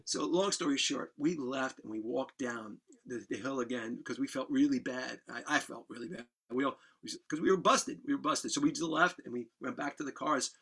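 A man guest on a podcast, telling a wild story in a casual, animated way, swearing and laughing as he goes. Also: medium pitch, normal speed, vocal fry, hardly any pauses, breathy edge.

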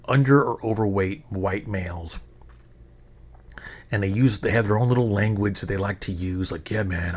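A middle-aged man hosting a podcast in a casual, rambling monologue, swearing freely and often restarting his sentences. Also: on the low side. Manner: rambling, profane, frequent restarts. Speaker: podcast host.

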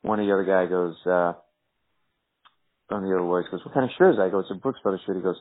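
A male comedian telling lively anecdotes in a podcast interview, acting out the people in his stories. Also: rapid-fire, pauses often. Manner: animated, acts out quoted characters in higher voices. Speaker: comedian guest. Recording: tinny phone-like audio.

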